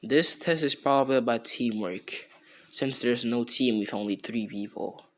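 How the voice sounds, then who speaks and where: A man's voice: medium pitch, normal speed, a bit bright, natural voice. A man voicing a cold, cocky young ninja. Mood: cold, dismissive.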